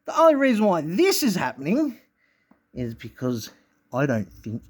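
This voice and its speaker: A man talking straight to his viewers in a rambling monologue, swearing constantly, restarting his sentences, and swinging between low mutters and loud outbursts. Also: huge pitch swings, normal speed. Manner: profane, intense and rambling, with frequent restarts. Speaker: vlogger.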